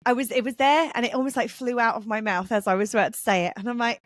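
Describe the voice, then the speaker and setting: A woman's voice: fairly high pitch, fast talker, no echo. Chatty woman on a dry remote call. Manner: rambling, animated, acts out quoted voices. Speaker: podcast co-host. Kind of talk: casual conversational podcast.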